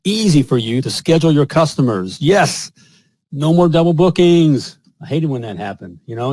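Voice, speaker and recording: A man's voice: fairly high pitch, darkish tone, no room sound. A man hosting a live plumbing show, chatting with a guest and reading ads in a salesy, upbeat patter full of "all right?". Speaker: podcast host and plumbing business coach. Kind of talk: casual live-stream chat and ad read.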